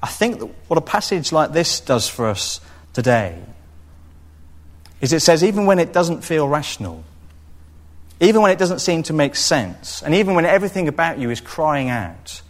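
A man preaching a sermon, expressive and storytelling, now and then acting out what people in the story say. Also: on the high side, normal speed. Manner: expressive, acts out quoted voices.

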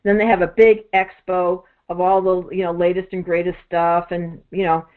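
A woman's voice: fairly low pitch, flat delivery, moderate pace. A woman who does energy work, telling long rambling stories in a casual chat, full of fillers and restarts. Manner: rambling, many "you know" fillers and restarts. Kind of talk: casual storytelling monologue. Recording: tinny phone-like audio.

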